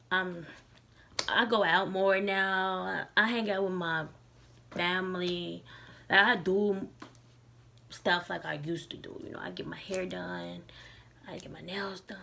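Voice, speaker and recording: A woman's voice: fairly low pitch, slow pace, vocal fry, pauses often, bright, forceful tone, slight background noise. A young woman talking casually to her camera, loose and candid, with many likes and restarts. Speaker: vlogger.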